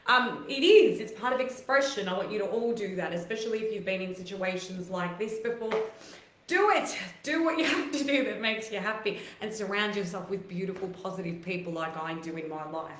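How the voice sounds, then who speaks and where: A woman hosting a live online talk, emotional and close to tears, giving heartfelt, rambling encouragement with many fillers in a voice rougher and deeper than her usual. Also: a little fast, few pauses, slight background noise. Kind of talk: live-stream motivational talk to viewers. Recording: echoey room.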